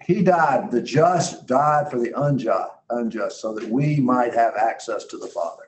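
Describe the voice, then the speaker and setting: A man's voice: medium pitch, expressive, a little slow, a little hiss or hum, rough recording. A man teaching a Bible class in a conversational way, earnest and emphatic, thinking aloud as he reads scripture.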